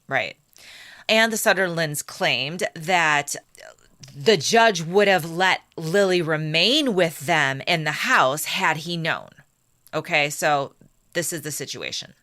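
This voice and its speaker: A woman's voice: low-pitched, slow, sharp tone, dry recording, studio quality. A woman co-hosting a casual history podcast, carefully retelling the story from her notes. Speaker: podcast co-host.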